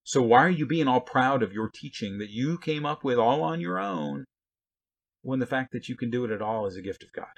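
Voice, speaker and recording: A man's voice: medium pitch, animated, a little fast, creaky. A man giving a conversational Bible teaching, blunt and folksy, full of rhetorical questions and asides.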